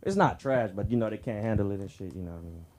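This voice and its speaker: Swaggering stand-up comic with lively pitch. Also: male voice, very fast, slight background noise. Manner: loose, swaggering street slang. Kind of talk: stand-up set. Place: comedy club stage.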